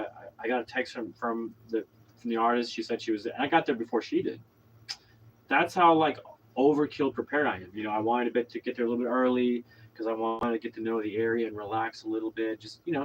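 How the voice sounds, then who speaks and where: A man's voice: medium pitch, lo-fi sound, slight background noise. A man from Oklahoma telling a long story in a casual monologue, rambling with lots of fillers and restarts. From Oklahoma, USA. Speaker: vlogger.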